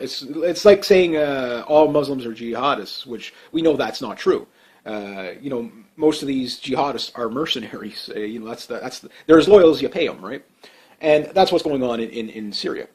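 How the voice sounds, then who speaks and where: Man, slightly high voice, casual commentary, heated, rambling, full of fillers. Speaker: political commentator.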